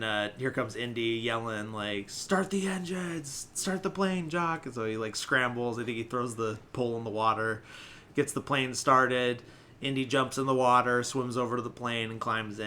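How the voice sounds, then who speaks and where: A podcast host with a mid-range, sharp-toned voice casually recaps a movie plot, rambling and filling his speech with lots of "like." A little hiss or hum sits under the recording.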